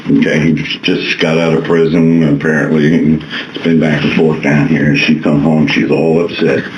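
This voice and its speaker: A man giving police a casual, rambling account in a calm, placating way. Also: rumbling low, moderate pace, highs cut off, slight background noise. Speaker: interviewee, stepfather.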